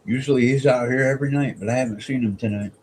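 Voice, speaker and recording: A man's voice: mid-range voice, quick pace, darkish tone, a little hiss or hum, rough recording. A man chatting casually outdoors at night in a rambling, chuckling, laid-back way. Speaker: streamer. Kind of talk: casual chat. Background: faint crickets and insects.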